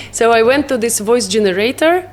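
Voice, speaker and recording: A woman with a Russian accent talking as a guest in a casual interview. Her first language is Russian, and she talks haltingly, hunting for English words and laughing often. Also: on the high side, lively intonation, slight background noise. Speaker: psytrance producer, guest.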